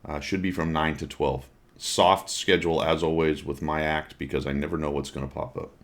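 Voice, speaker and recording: A man's voice: a bass voice, steady tone, brisk. A man hosting a casual gaming podcast, joking and self-mocking and laughing often. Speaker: podcast host. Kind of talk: casual chat.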